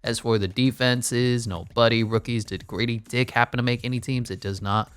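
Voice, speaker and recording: A man's voice: mid-range voice, fairly even intonation, normal speed, a bit bright, smooth, dry recording. A man giving casual, blunt commentary while playing a basketball management game, full of wry asides. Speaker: gaming YouTuber.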